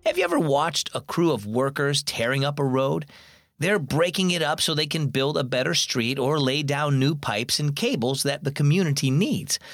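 A man's voice: mid-range voice, a bit bright, no echo, studio quality. A man hosting a children's devotional, reading a story and answering a child's question in an earnest, friendly way. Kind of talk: scripted narration.

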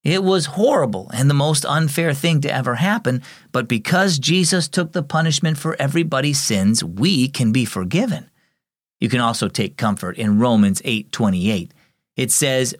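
A man's voice: medium pitch, expressive, moderate pace, dry recording, clean studio sound. A man narrating a scripted children's devotional, earnest and encouraging.

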